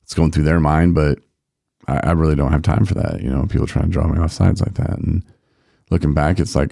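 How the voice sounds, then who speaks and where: A man with a very low, gravelly voice and a dark, mellow tone, chatting reflectively on a podcast about recovery. He circles back over his words as he thinks, and the sound is dry and close. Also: fairly even intonation, brisk, no echo. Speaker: podcast co-host. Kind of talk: casual recovery podcast chat.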